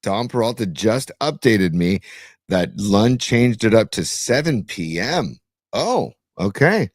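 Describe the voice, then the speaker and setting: A man co-hosting a sports talk show, relaxed and full of sports trivia in casual banter. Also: on the low side, takes it slowly, no room sound, studio quality. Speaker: podcast co-host and youth coach.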